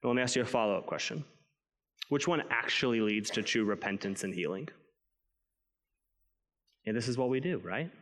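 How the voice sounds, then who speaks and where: A man's voice: medium pitch, normal speed, pauses often, a bit bright, big-room sound. A man preaching a sermon in a conversational way, acting out inner voices and prayers as he speaks. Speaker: pastor.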